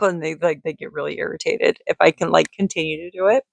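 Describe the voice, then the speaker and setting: A woman's voice: fairly low pitch, quick pace, vocal fry, few pauses, dry recording, studio quality. A woman in her thirties chatting casually in a vlog, rambling with restarts and lots of fillers. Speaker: vlogger and mother.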